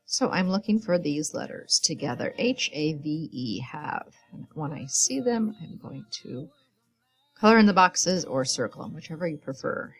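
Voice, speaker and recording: A woman's voice: fairly low pitch, huge pitch swings, moderate pace, husky, faint music behind. A woman teacher giving patient, step-by-step morning work instructions to young children, counting aloud as she goes. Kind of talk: recorded classroom instructions.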